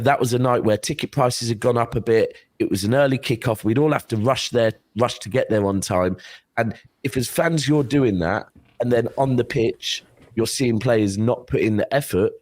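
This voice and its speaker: An earnest man argues his case on a football panel, restarting his sentences as he goes. His voice sits at a middle pitch. The sound is dry and close. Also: dry recording. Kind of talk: casual panel chat.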